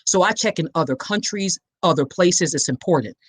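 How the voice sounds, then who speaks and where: A woman's voice: lowish voice, expressive, moderate pace, breathy edge. A woman hosting a live awareness talk, preaching straight to her listeners with passion. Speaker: podcast host and survivor advocate. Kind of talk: live-streamed awareness talk, reading comments.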